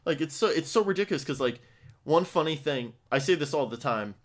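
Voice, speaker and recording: A man's voice: animated, a little fast. Swearing, laughing man in his twenties. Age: 20s. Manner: heavy swearing, laughing, mimicking customers in high voices. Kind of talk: casual chat.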